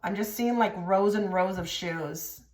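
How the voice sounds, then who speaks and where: A woman's voice: mid-range voice, measured pace, darkish tone. A woman giving a casual tarot reading to camera, direct and blunt, with many filler likes. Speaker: tarot reader. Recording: echoey room.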